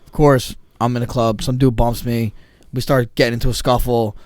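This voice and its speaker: A man's voice: medium pitch, little pitch movement, normal speed, darkish tone, dry recording. A man, co-hosting a podcast and telling a story in casual, profane chat, acting out the quotes. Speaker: podcast co-host.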